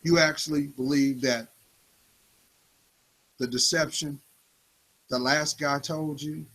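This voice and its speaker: A man's voice: fairly high pitch, fairly even intonation, slow pace, pauses often, a bit bright, poor audio. A man delivering a preachy spoken-word monologue, confronting the listener with rhetorical questions.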